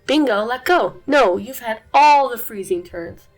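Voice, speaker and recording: A woman's voice: fairly high pitch, lively intonation, measured pace, soft background music, poor audio. A woman reading aloud and voicing a whiny little sister puppy with a pleading tone.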